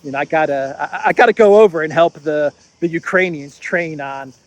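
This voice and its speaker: A man playing a weary middle-aged husband explaining himself to his wife, halting and stumbling over his words. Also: a little high, dry recording, close to an everyday voice. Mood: mock-earnest.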